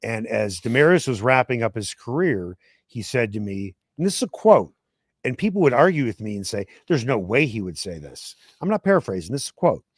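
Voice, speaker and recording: A man from Chicago hosting a sports talk show, explaining points in a measured way and asking pointed questions. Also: mid-range voice, sing-song, no echo, studio quality. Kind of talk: sports talk radio chat.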